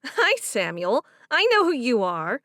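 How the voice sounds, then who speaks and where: A woman voicing a young woman who is grieving and tearful, speaking high and loud in an audiobook. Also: big pitch swings, a little slow, dry recording, studio quality, exaggerated voice. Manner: high and loud, choked with distress. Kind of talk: audiobook character voice.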